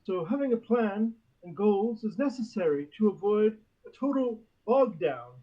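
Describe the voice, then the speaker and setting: A man's voice: high-pitched, animated, normal speed. A man co-hosting a casual podcast, dry and wry, reading posts aloud. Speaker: podcast co-host. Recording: dull lo-fi audio.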